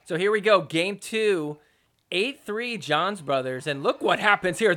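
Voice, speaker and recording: A man hosting a podcast, recapping pickleball matches over footage in a casual, jokey, excitable way and mock-quoting the players. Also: high voice, a little slow.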